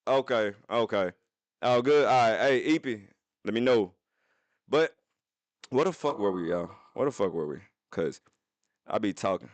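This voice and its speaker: A young man streaming from his phone, telling a profane story to his chat in an animated way, with sudden jumps into high voices. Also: normal speed, pauses often, dry recording.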